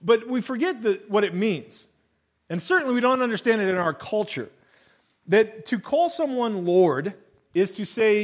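High-voiced man preaching conversationally. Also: lively intonation, normal speed, rough recording. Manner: conversational preaching, reads scripture then explains with acted-out voices. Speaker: pastor. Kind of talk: sermon.

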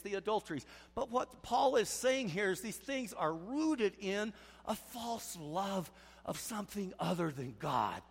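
Preaching man with a higher voice in a reverberant hall. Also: expressive, moderate pace, creaky, breathy edge. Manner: swings from quiet intensity to loud pleading emphasis. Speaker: pastor. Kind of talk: sermon.

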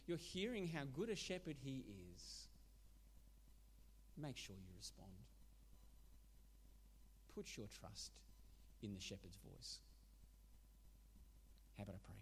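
A man preaching a sermon, animated and emphatic, often restarting his words. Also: mid-range voice, slight background noise. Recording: long hall reverb.

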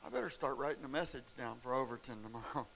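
A middle-aged male pastor telling stories in a sermon, animated and breaking into shouts and laughs at the peaks of a story. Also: medium pitch, quick pace, creaky. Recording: faint hiss.

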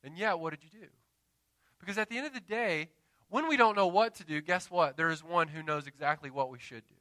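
A man in his thirties preaching a sermon with passion, dramatic pauses and call-and-response asides to the congregation. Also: on the high side, sharp tone, no echo. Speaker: pastor. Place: church.

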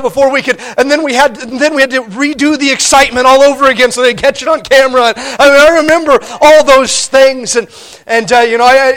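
A middle-aged man preaching a sermon as pastor, conversational and animated, laughing often. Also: very high voice.

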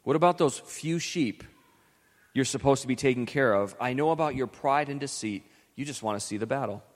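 A man's voice: mid-range voice, fairly quick, close to an everyday voice. A man reading as an angry scolding older brother. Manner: scolding, accusing. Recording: long hall reverb.

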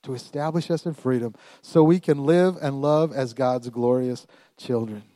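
A man preaching a lively sermon, calling out to his congregation and swinging from quiet asides to loud emphatic lines. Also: medium pitch, moderate pace, dry recording. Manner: animated, call-and-response with congregation. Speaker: pastor. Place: church.

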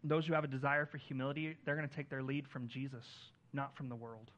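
A man preaching a sermon as pastor, earnest, lifting his voice on key lines and dropping it soft on others. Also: medium pitch, little pitch movement, a little fast.

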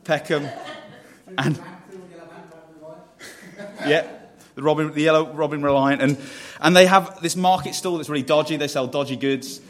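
A man's voice: fairly high pitch, steady tone, normal speed, pauses often, a bit bright. A man preaching a sermon in a conversational way, putting questions to the congregation and restarting phrases as he goes. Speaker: pastor.

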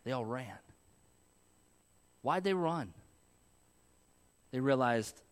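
A man's voice: mid-range voice, expressive, very slow, long pauses, clean tone. A young adult male pastor giving a sermon, talking conversationally and asking the congregation questions.

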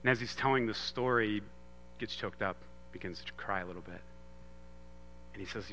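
A man in his thirties giving an earnest sermon, moving from loud emphasis to hushed storytelling. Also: on the low side, normal speed, long pauses, long reverb tail, a little hiss or hum. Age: 30s. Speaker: pastor.

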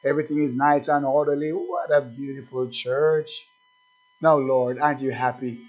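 A male pastor preaching a sermon in an animated way, firing rhetorical questions at the congregation. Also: medium pitch, moderate pace. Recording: dull lo-fi recording with faint music.

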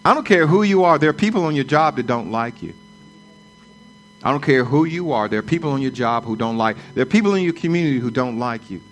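A man's voice: mid-range voice, expressive, fast talker, a little hiss or hum. A man in his forties preaching a sermon, repeating lines for emphasis and building to fervent declarations.

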